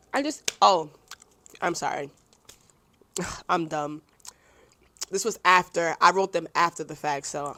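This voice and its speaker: A young adult woman hosting her own podcast, answering listener questions in blunt, profane, casual chat and quickly apologizing when she oversteps. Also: mid-range voice, fairly bright tone, dry recording. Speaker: podcast host.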